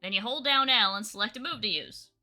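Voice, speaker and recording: A woman's voice: on the high side, brisk, sharp tone, faint music behind. A woman voicing a folksy male leaf creature guide with a Southern drawl, reading game dialogue aloud. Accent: American Southern. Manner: drawling, homespun phrasing.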